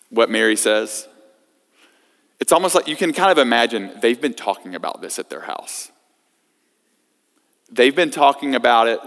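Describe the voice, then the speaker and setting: Preaching man. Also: fairly low pitch. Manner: expressive preaching, swinging from loud emphasis to hushed reading. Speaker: pastor. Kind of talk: sermon. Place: church sanctuary. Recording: long reverb of a church hall.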